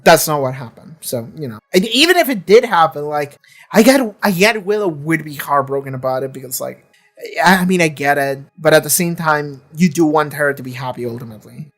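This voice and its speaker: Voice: mid-range voice, lively intonation, brisk. A reaction video creator in casual commentary, chatty and swearing freely, now and then acting out characters' lines.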